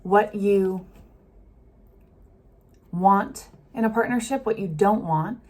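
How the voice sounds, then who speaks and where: A woman giving a casual tarot reading, talking gently and thinking aloud with many fillers. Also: medium pitch, takes it slowly. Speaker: tarot reader. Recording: faint street noise behind.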